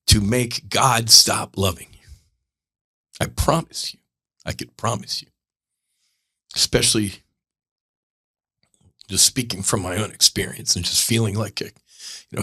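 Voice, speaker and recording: A man with a somewhat low, bright and forceful voice hosts a podcast, talking through faith in a loose, earnest monologue. He rambles and stops himself mid-thought, then starts over with fresh conviction. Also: slightly rough. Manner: rambling, earnest, self-interrupting. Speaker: podcast host. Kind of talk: candid spiritual monologue.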